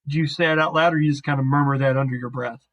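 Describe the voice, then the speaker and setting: A man's voice: medium pitch, fairly even intonation, rapid-fire, fairly bright tone, highs cut off. A man narrating as game master on a voice call, rambling and self-deprecating.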